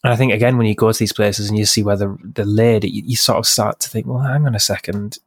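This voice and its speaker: A man with a low voice chats casually as a podcast co-host. He stumbles and repeats words while working out what he means. The sound is dry, with no room echo. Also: fairly even intonation, fast. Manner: hesitant, repeats words, thinking aloud.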